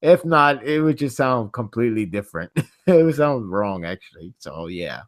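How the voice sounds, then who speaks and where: Man, podcast host, casual chat, frequent laughter, average pitch. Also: sing-song. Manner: laughs often, quick tangents.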